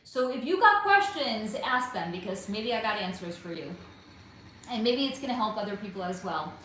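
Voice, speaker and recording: A woman's voice: mid-range voice, moderate pace, a little hiss or hum. A woman hosting a spiritual livestream, chatting animatedly with viewers and answering their comments. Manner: animated, chatty, swears and exclaims, reads viewer names. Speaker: spiritual reader and livestream host. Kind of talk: casual livestream chat reading comments. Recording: echoey room.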